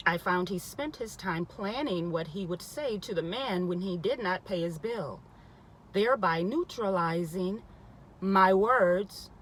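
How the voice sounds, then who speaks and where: A woman's voice: mid-range voice, lively intonation, measured pace, a bit bright, a little hiss or hum, poor audio. Emphatic woman reading a spiritual book. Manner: emphatic, stops to repeat and comment. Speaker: reader.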